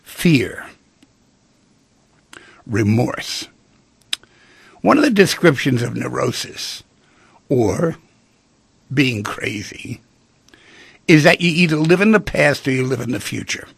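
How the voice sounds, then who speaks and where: Gravelly, animated radio host man. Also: mid-range voice, slow pace, pauses often, no room sound. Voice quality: gravelly, husky voice. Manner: animated storytelling, acts out quoted people. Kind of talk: radio talk monologue. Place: radio studio.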